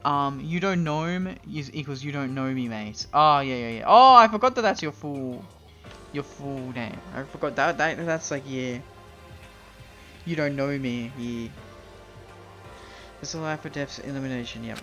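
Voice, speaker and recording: A man's voice: medium pitch, animated, normal speed, pushed and bright, faint music behind. A man live-streaming a game, chatting casually with his viewers and swearing freely. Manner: casual, swearing, talks to chat. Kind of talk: live gameplay commentary.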